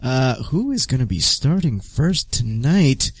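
A man's voice: medium pitch, big pitch swings, a little slow, breathy edge, no echo. A man hosting a talk radio show, announcing breaks and segments in an upbeat way.

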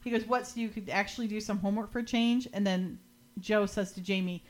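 A woman's voice: medium pitch, fairly even intonation, a little fast. A woman hosting a podcast, casually recapping a TV episode and quoting the characters with light acting and frequent laughs. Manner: quotes characters in lightly acted lines, laughs often. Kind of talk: casual chat, retelling scenes.

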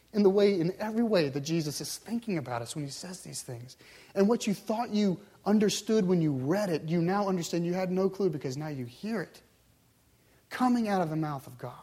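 A male pastor delivering a sermon, swinging between loud, urgent passages and hushed, intense ones. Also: fairly high pitch, breathy edge.

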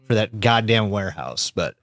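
Animated man recapping with squeaky impressions. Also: normal speed, dry recording. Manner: animated retelling, acts out character lines in squeaky voices, swears a lot. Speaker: podcast co-host. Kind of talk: casual podcast recap.

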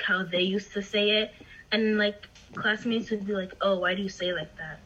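A teenage girl born in the United States, calmly telling about school life. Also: mid-range voice. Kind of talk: casual personal storytelling. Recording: dull lo-fi recording, faint noise.

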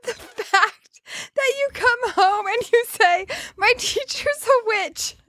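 Giggly woman co-host, bright high voice, dry close mic. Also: no echo. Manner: giggly, quick-questioning. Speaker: podcast co-host. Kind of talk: casual chat.

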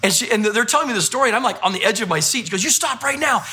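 A male pastor preaching a sermon, telling stories in an animated way and repeating phrases for emphasis. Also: high-pitched, rapid-fire.

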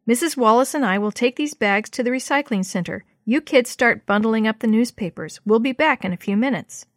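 A woman's voice: on the high side, brisk, no room sound, clean studio sound, close to an everyday voice. A woman reading as a practical grown-up man. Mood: instructive. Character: adult man, a calm organizing grown-up.

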